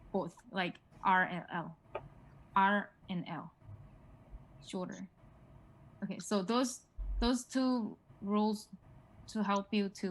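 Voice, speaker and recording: A woman with as her leads a relaxed one-on-one lesson. She talks in loose, hesitant explanations full of fillers and says each word slowly for her student to copy. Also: medium pitch, slight background noise, poor audio. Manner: explains haltingly with many "like" and "um", models words for repetition. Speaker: Korean language tutor. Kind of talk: casual one-on-one language lesson.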